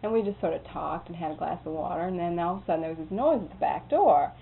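Rather low, gravelly woman's voice, spinning a loose, folksy anecdote and slipping into what other people said. The sound is thin and tinny like an old phone line, with a faint hiss underneath. Her delivery rambles comfortably. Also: expressive, quick pace. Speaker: storyteller being interviewed. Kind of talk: casual anecdote telling.

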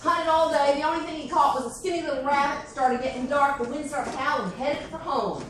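A woman telling a folk tale at a festival, slow and dramatic with hushed suspense, recorded at a distance in an echoey, noisy space. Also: sits high. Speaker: storyteller. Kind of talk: live folk storytelling. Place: festival stage.

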